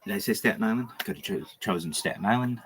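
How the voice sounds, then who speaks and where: A man's voice: on the low side, rapid-fire, a bit bright, slight background noise. A man talking on a livestream in a rambling, joking, crude monologue full of asides.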